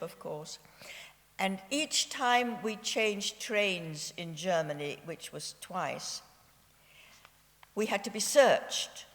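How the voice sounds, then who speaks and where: Very old lady telling her story real slow, measured and a bit wry, long hall reverb. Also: mid-range voice. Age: 90s. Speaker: Holocaust survivor giving testimony. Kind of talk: personal testimony speech. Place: civic memorial event in a hall.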